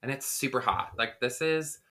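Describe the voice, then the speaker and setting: A man co-hosting a casual podcast tells a long, rambling story full of fillers. His voice is bright and forward, sitting at an ordinary middle pitch. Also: moderate pace. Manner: rambling, filler-heavy, animated retelling. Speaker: podcast co-host.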